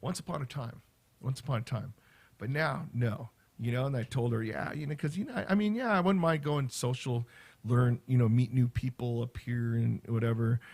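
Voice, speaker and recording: A middle-aged man, a teacher, chatting casually on a livestream in a rambling way, with lots of fillers and animated storytelling. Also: mid-range voice, moderate pace. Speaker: teacher and vlogger.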